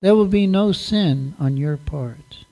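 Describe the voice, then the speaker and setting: A man gives voice to a desperate mother whose child has vanished, begging and near tears. She speaks slowly, with a mellow, soft tone, each plea drawn out as she tells this devotional story. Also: a little high, creaky, low-quality recording. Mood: pleading. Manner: pleading, tearful speech. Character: grieving mother pleading for her lost son.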